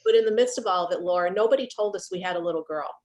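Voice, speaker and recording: A middle-aged woman, a guest on a video call, talking about grief in an earnest, halting way and repeating herself as she remembers. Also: fairly low pitch, darkish tone. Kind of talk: heartfelt conversation about grief.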